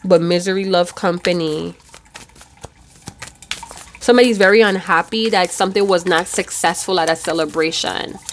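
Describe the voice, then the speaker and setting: A woman's voice: lowish voice, moderate pace, pauses often, a little hiss or hum. A woman giving a casual tarot reading, chatty and loose, with casual swearing. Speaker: tarot reader.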